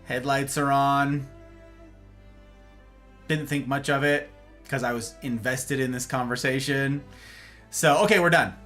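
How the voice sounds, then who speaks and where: A man hosting a livestream, telling a rambling, self-mocking story in a casual, animated way. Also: medium pitch, unhurried, long pauses, soft background music. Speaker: livestream host.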